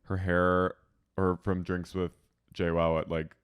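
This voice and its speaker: Deep, smooth-voiced male co-host on a dry, close mic. Casual and jokey. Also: little pitch movement, unhurried, no echo. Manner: joking, adds punchlines to the recap. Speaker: podcast co-host. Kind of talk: casual chat recapping a reality show.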